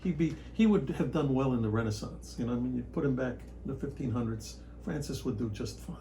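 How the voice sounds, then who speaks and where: A man who grew up around Chicago, an actor chatting as a podcast guest, telling stories in an animated way with bursts of loud excitement. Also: medium pitch, fast, slight background noise, poor audio. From Chicago area, United States. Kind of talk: casual storytelling chat.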